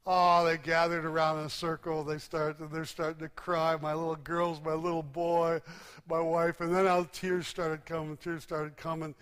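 A man preaching a sermon, telling stories emphatically and dropping to hushed, low endings. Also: flat delivery, moderate pace, smooth. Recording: long hall reverb.

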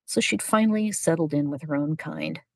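A woman narrating a story in an even, unhurried storytelling manner. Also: sits low, creaky, dry recording, clean studio sound. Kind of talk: audiobook narration.

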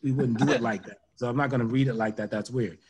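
A man's voice: mid-range voice, fairly even intonation, quick pace, darkish tone, slightly rough. A man who is a guest comedian, telling stories in a casual talk-show chat and repeating points for emphasis. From Brooklyn, New York.

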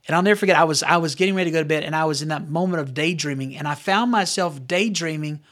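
A man's voice: fairly high pitch, a bit bright. A middle-aged male pastor giving an earnest, conversational sermon that climbs into emphatic bursts. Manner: earnest, conversational preaching with sudden emphatic rises.

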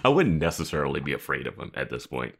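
A man co-hosting a podcast, chatting in a relaxed way with frequent laughs and fillers. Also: rumbling low, fast talker, gravelly, slightly rough. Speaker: podcast co-host. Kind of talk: casual recap chat.

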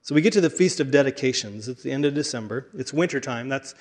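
A man's voice: medium pitch, lively intonation, fast talker. A man preaching a sermon in a conversational way, with frequent fillers and restarts.

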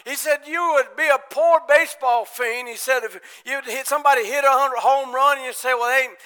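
A man preaching in church, his voice high and clear. He tells stories full of quoted voices and lifts from easy talk into ringing, fervent preaching. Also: fairly even intonation, normal speed. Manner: builds from quiet talk to loud, high-pitched preaching. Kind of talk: Pentecostal-style sermon.

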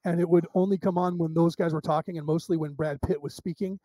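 A man being interviewed, telling rambling, animated stories full of restarts and asides. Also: a little high, quick pace, no room sound. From United States. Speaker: interview guest. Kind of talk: casual storytelling interview.

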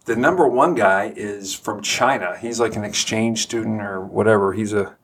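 A man telling a funny story in a casual chat, animated and laughing as he talks. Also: lowish voice, normal speed, husky. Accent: Texan.

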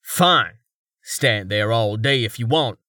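A man voicing a gruff, impatient male town constable who barks orders. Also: mid-range voice, animated, takes it slowly, pushed and bright, no echo, clean studio sound, distant mic. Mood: impatient barking. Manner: barking, impatient.

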